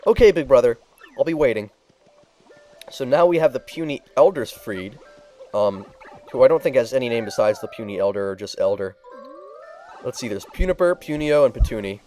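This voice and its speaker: A man commenting casually on a game playthrough, thinking aloud with hesitant pauses. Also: medium pitch, lively intonation, warm tone, faint music behind. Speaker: let's play commentator.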